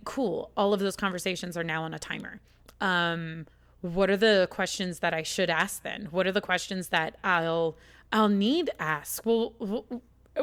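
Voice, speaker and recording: A woman's voice: mid-range voice, a bit bright. A woman from the United States talking in a casual, rambling chat, swearing a lot and getting emotional as she tells her story.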